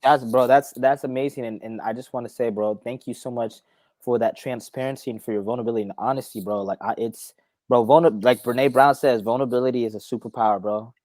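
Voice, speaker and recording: A young man from the United States hosting a casual podcast conversation, excitable, dropping "bro" into nearly every sentence and swinging from soft to loud. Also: mid-range voice, fast, no room sound. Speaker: podcast host.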